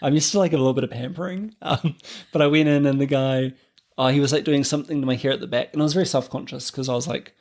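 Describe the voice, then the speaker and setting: Gravelly-voiced man telling a story. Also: medium pitch, fairly even intonation, fast, darkish tone. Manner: storytelling with frequent laughs and fillers. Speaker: podcast co-host. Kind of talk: casual chat.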